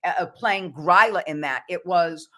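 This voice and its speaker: Woman voice actor guest on a podcast; bright and forceful, earnest and reflective. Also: fairly low pitch, measured pace. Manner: earnest, reflective, speaks of faith. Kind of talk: podcast interview.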